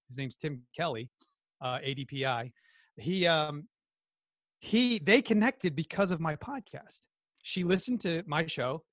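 A man with a New Jersey accent, a podcast guest telling animated stories and acting out quotes in casual chat. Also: on the high side, no room sound, clean studio sound. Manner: animated storyteller, acts out quotes.

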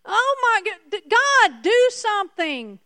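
A woman's voice: extremely high pitch, big pitch swings, slow pace, pushed and bright, dry recording, clean studio sound, voice pushed up, heavily acted. A woman voicing an exasperated apostle who keeps complaining and pleading with God. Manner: pleading, exclaiming.

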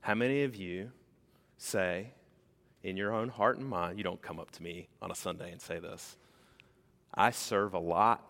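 A man preaching a sermon to his church, animated and conversational, acting out the voices he quotes. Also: low-pitched, moderate pace, creaky, big-room sound. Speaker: pastor. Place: church sanctuary.

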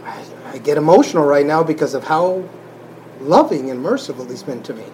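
Emotional halting man giving testimony. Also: fairly high pitch, expressive, a little mellow, slight background noise, low-quality recording. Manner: emotional, halting, with restarts and sighs. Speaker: church member sharing testimony. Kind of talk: personal faith testimony.

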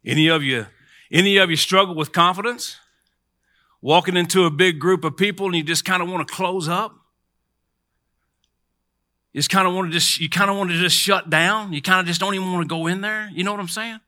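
Middle-aged male preacher, crisp dry sound, bright tense tone, talks the crowd through call-and-response. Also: high-pitched, fairly quick, pauses often, no echo. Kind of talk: sermon.

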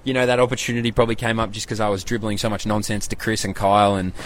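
A man's voice: on the low side, little pitch movement, rapid-fire. A young Australian man hosting a casual solo podcast recap, loose and rambling, full of slang and swearing. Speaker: podcast host.

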